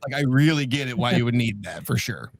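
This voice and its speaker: A man's voice: medium pitch, animated, quick pace, vocal fry, crowd noise. A man from the American South, a podcast co-host, chatting casually and swearing freely. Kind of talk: casual chat.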